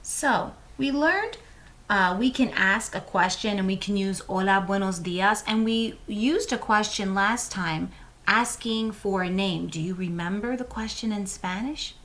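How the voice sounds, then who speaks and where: Slow, patient woman teaching Spanish. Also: mid-range voice, fairly bright tone. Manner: models words slowly and asks the class to repeat. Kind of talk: slow, clear classroom instruction to children.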